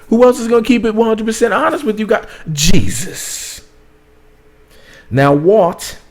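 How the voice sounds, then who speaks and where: Chatty guy roasting a reality show for his viewers, very expressive pitch, mid-range voice. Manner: sassy, chatty, talks straight to viewers. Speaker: reality TV reviewer. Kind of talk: casual commentary vlog.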